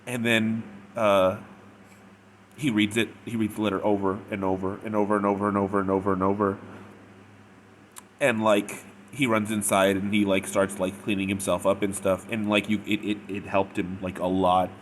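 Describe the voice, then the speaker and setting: A man's voice: fairly low pitch, flat delivery, normal speed, a little hiss or hum. A man retelling a story in a casual, rambling way, with frequent "like" and "or whatever". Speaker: fanfic reviewer. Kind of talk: casual spoken review.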